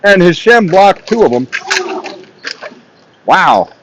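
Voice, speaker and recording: Man, sports commentator, lively swinging voice, chatty, laughs at himself, slightly high. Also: slow, noisy background. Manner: chatty, self-mocking, laughs often. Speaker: play-by-play commentator. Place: on a ladder beside a hockey rink.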